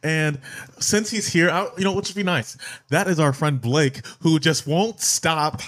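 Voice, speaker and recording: A man's voice: fairly high pitch, a little slow, fairly bright tone. A young man hosting a casual podcast chat, flustered, laughing and often apologizing. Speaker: podcast host.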